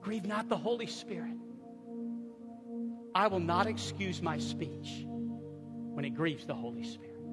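A pastor preaching a sermon and leading a closing prayer, moving from hushed, intimate lines to rising, impassioned outbursts. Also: male voice, sits high. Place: church sanctuary. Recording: echoey hall with music behind. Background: soft music underneath.

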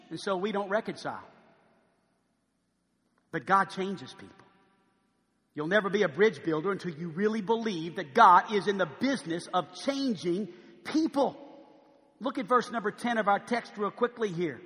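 A middle-aged male pastor preaching a sermon in a conversational style, dropping to quiet asides and then rising to loud, emphatic pleading, often asking the congregation "amen?". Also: high-pitched, expressive, moderate pace, pauses often, long reverb tail.

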